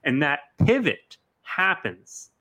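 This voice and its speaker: A man's voice: a little high, very animated, slow pace, pushed and bright, slightly rough. A man in casual conversation, joining in and retelling a story with acted quotes. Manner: conversational, acts out quotes with swearing. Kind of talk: casual podcast chat about films.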